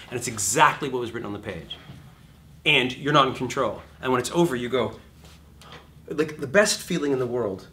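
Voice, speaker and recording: Man, acting teacher, lively swooping delivery, bright voice, distant room mic, faint hiss. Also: mid-range voice. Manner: swears freely, acts out scenes in lively put-on voices. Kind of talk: animated lecture to a class.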